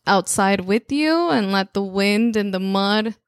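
A woman's voice: mid-range voice, lively intonation, measured pace, no echo. Mexican accented woman channeler talking about life lessons, dry close sound, stops and restarts a lot. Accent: Mexican Spanish. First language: Spanish. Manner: reflective, personal storytelling with many restarts. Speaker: spiritual channeler. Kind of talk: monthly spiritual guidance talk.

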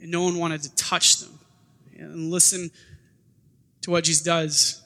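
A man preaching in a high, bright voice, talking casually and acting out little quoted bits as he goes. His words ring out through a church hall with a long echo. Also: unhurried. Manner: conversational, animated preaching with acted-out quotes. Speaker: pastor. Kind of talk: sermon.

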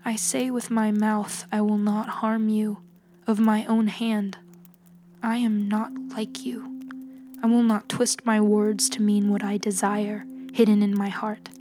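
A woman as a soft-spoken, calm young healer. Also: mid-range voice, natural voice. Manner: soft, calm, measured speech. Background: music.

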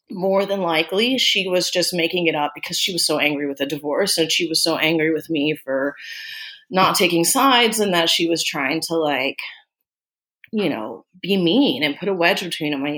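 Candid, halting woman from Austin. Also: on the low side, a bit bright. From Austin, Texas. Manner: candid, halting, many "like" and "you know" fillers; close to tears at times. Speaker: guest sharing a personal story. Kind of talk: emotional personal storytelling.

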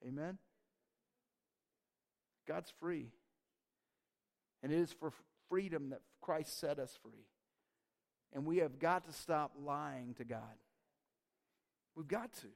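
A man's voice: on the high side, slow pace, creaky, pauses often. A man preaching a sermon as a pastor, emphatic and conversational.

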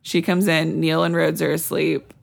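A woman's voice: low voice, level tone, moderate pace, gravelly. A young woman co-hosting a podcast, telling a personal story in a rambling, chatty way with frequent laughter. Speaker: podcast co-host. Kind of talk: casual storytelling.

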